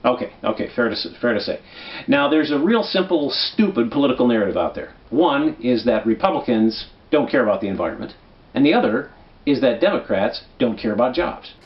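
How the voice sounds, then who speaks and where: This political commentary host from Minnesota has a medium-pitched, expressive voice and a brisk pace, though the audio is dull. Running a comedic election guide, he talks conversationally to win you over and keeps asking "right?"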